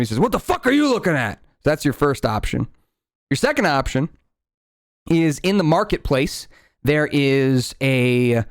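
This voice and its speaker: A man's voice: mid-range voice, clean tone, no room sound, clean studio sound. A man running a tabletop game as game master, narrating loosely with lots of fillers and restarts.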